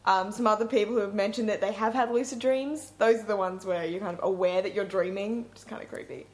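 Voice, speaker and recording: A woman hosting a community radio show, relaxed and leading the segment, reading out listener feedback. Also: mid-range voice, quick pace. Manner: relaxed, runs the segment and reads out listener feedback and station idents. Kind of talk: casual radio chat.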